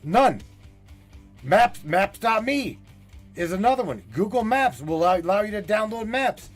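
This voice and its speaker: Man, high voice, podcast host, urgent preachy rant, swears a lot, faint music behind. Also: expressive, unhurried. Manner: urgent, preachy, swears often, repeats himself. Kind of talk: impassioned livestream rant.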